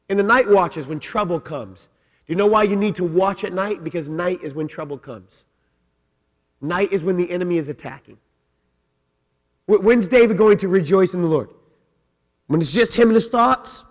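A middle-aged man preaching a sermon as senior pastor, asking his congregation questions and moving between quiet personal storytelling and rising, emphatic exhortation. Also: sits high, lively intonation, brisk. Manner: asks the congregation direct questions. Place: church sanctuary. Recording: long hall reverb in a church.

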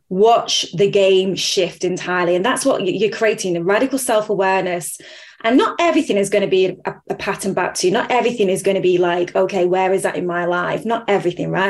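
A woman hosts a podcast in a relaxed chat. She tells stories with energy and acts out what people said. Her voice sits at a middle pitch. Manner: animated storyteller, acts out quotes. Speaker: podcast host. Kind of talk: casual interview chat.

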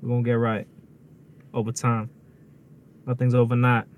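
A man's voice: medium pitch, monotone, moderate pace, phone-quality sound, slight background noise. A man co-hosting a casual podcast chat, talking in laid-back slangy banter full of "bro" and "y'all". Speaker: podcast co-host.

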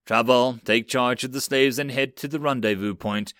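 A man's voice: mid-range voice, fairly even intonation, normal speed, a bit bright, dry recording, studio quality, lightly acted. A man voicing a male squad leader who gives curt, clipped orders in an audiobook. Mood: commanding.

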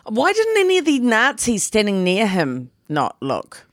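Female podcast co-host, teasing and giggly, slightly high pitch, dry close recording. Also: huge pitch swings, a little slow, no echo. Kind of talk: casual movie podcast chat.

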